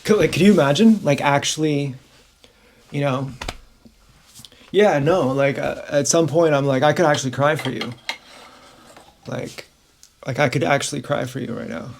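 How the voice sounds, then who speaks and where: A man talks straight into his camera in a long, rambling monologue. He is frank and profane, and laughs often. His voice sits a little high, with faint noise behind it. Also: moderate pace, vocal fry, long pauses. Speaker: vlogger.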